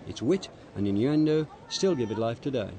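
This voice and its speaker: A man narrating a history documentary in a measured, deliberate way. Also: medium pitch, animated, dark tone, a little hiss or hum. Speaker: documentary presenter.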